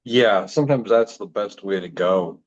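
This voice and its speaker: A man from Iowa who is a guest on a podcast, chatting in an easygoing, animated way. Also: lowish voice, moderate pace, dull audio. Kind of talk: casual podcast chat.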